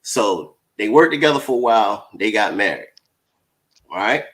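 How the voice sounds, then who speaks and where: A man's voice: fairly low pitch, sing-song, normal speed, a bit bright. A man co-hosting a casual chat show, talking emphatically and laughing often. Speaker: co-host.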